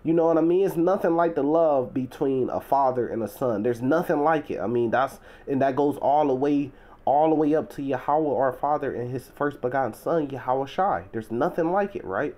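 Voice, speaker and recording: A man's voice: mid-range voice, moderate pace, a little mellow. Man giving an emphatic, chatty bible teaching. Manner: conversational, leans on "you know" and "right?"; swells to emphatic, preacherly stresses.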